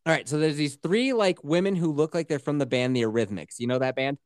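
A man hosting a casual podcast, telling stories in a profane, animated way and breaking into laughter. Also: on the high side, fast, no room sound, studio quality. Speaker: podcast host.

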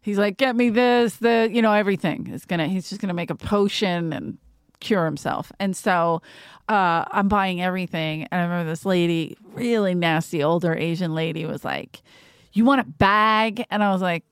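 A woman hosting a podcast in casual chat, telling profane, animated stories and acting out what people said. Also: on the low side, fairly quick, smooth, no room sound, studio quality. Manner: profane, animated storytelling with acted-out quotes. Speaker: podcast host.

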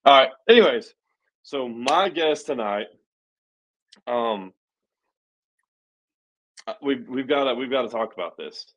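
A man's voice: medium pitch, animated, a little slow, pauses often, fairly bright tone. Rambling, swearing podcast host man. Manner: rambling, swears, self-mocking with restarts. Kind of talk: casual podcast chat.

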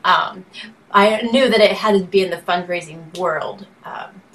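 A woman's voice: fairly low pitch, a little slow, fairly bright tone, slight background noise, rough recording. A woman singer-songwriter and benefit auctioneer talking casually as an interview guest, rambling, restarting sentences and laughing often.

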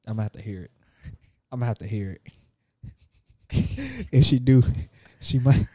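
A young man co-hosting a casual podcast, his pitch swinging up and down as he rambles and jokes. He circles back over his own phrases before landing a point. The sound is close and dry, with no room around it. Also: wildly swooping pitch, normal speed, dark tone, no room sound. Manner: rambling, joking, repeats himself. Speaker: podcast co-host. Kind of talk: casual chat.

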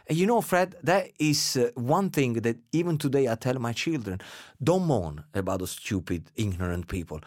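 A man hosting a casual chat, emphatic and animated, pressing his points with rhetorical questions. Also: medium pitch, fairly quick, no echo, clean studio sound. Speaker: podcast host.

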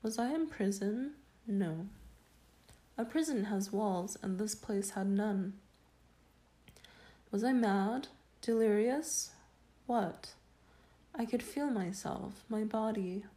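A woman reading a first-person story aloud in a slow, solemn and measured way. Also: medium pitch, warm tone. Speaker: reader. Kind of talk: dramatic audiobook narration.

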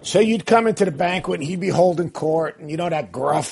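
Gravelly, husky-voiced sports talk man. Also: fairly high pitch, fairly quick, hardly any pauses, a little mellow. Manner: emphatic, storytelling. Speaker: basketball analyst and co-host.

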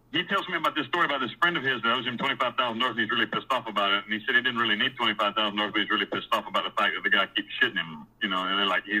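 A man's voice: lowish voice, slightly rough, poor audio. A man telling his own story in a casual, rambling way, with blunt and profane words and many restarts and repeated words. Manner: animated when recounting scenes.

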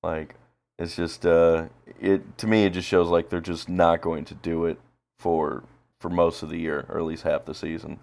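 Deep-voiced guy rambling on a podcast, swears a lot, lots of uhs. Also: level tone, moderate pace, creaky, darkish tone. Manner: rambling, profane, lots of fillers. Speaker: podcast co-host. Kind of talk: casual chat while watching a baseball game.

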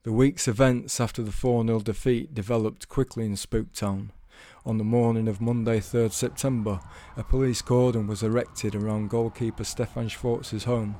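Deadpan male storyteller. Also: medium pitch, moderate pace, few pauses. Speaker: storyteller guest. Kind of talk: comic storytelling.

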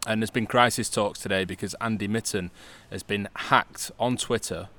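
A man hosting a podcast from a stadium press box, brisk and teasing as he reads promos and wraps up. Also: lowish voice, steady tone, bright, forceful tone, slight background noise. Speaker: podcast host.

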